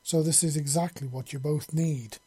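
Man reading as an alien hive queen, reassuring, calm, storybook. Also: fairly high pitch, moderate pace, breathy edge. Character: alien hive queen, warm and wise mother.

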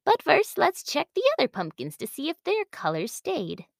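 A woman's voice: high-pitched, huge pitch swings, moderate pace, gravelly, dry recording, clean studio sound, voice pushed up, full character voice. A woman reading a kindly older neighbor lady. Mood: teacherly. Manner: gentle and welcoming.

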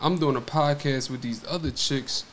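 A man's voice: mid-range voice, normal speed, slight background noise. A man in his twenties hosting a podcast in casual chat, rambling and profane with many restarts. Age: 20s. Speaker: podcast host.

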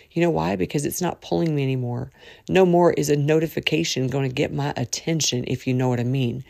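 A woman's voice: deep voice, normal speed, creaky, darkish tone, dry recording, clean studio sound. A woman hosting a faith podcast from her bed at night, chatting casually, rambling and correcting herself as she speaks straight to her listeners. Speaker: podcast host.

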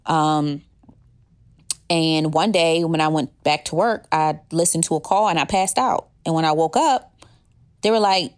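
A woman's voice: deep voice, moderate pace, no echo, clean studio sound. A young adult woman telling her own story in a candid, conversational way with casual slang. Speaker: former 911 dispatcher telling her story. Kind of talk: personal storytelling.

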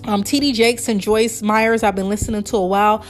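A woman's voice: mid-range voice, fairly even intonation, a little fast, soft background music. Chatty woman podcaster in her thirties. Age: 30s. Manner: chatty, rambling, laughs often, emotional and sincere. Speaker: podcast host. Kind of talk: casual solo podcast chat.

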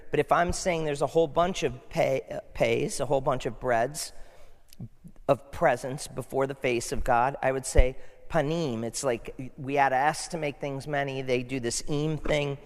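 A man's voice: medium pitch, fairly even intonation, moderate pace. Preaching man in a reverberant church. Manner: conversational preaching, asks the congregation questions. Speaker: pastor. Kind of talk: sermon. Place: church sanctuary. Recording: long hall reverb.

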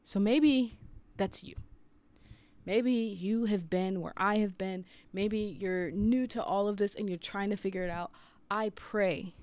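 A woman's voice: mid-range voice, darkish tone, dry recording. A woman in her thirties, a preacher, sharing an earnest, confessional story in a personal devotional talk. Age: 30s.

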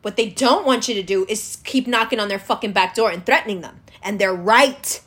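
A woman's voice: mid-range voice, fast talker, a bit bright, slightly rough. A woman delivering an angry, profane political rant, scornfully lecturing the viewer directly. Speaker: political commentator.

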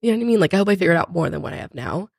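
A woman's voice: lowish voice, animated, very fast, breathy edge, no echo, studio quality. A woman in her twenties on a podcast, talking candidly and rambling with lots of "like"s while tearful. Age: 20s. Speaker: podcast co-host. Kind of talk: casual chat.

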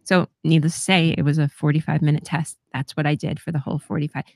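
A woman's voice: sits low, level tone, quick pace, dry recording, clean studio sound. A middle-aged woman telling a personal story on a podcast in a candid, casual way, swearing freely and laughing often. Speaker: podcast co-host.

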